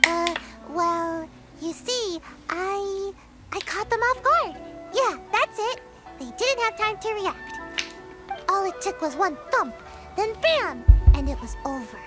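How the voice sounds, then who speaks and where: A woman's voice: extremely high pitch, expressive, slow pace, over music, full character voice. A woman voicing a timid, sleepy little girl ninja in a game, who sighs and yawns. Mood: fibbing. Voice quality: drowsy, sighing, yawning.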